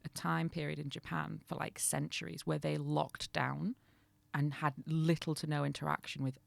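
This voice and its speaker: A young woman co-hosting a comedy podcast, telling stories with lively acted-out quotes. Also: low voice, moderate pace, creaky, dry recording. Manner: animated storytelling, acts out quotes. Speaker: podcast co-host. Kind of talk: casual comedic chat.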